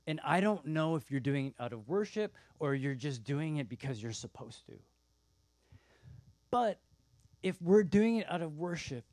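A man pastor preaching a sermon in a conversational, storytelling way, swinging between loud bursts and hushed, quiet lines, with frequent "like" and "right?". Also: on the high side, no echo.

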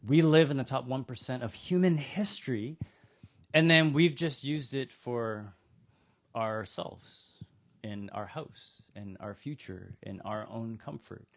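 Preaching to a church in Austin, Texas, a male pastor tells stories in a conversational, humorous way. His mid-range voice is slow and creaky.

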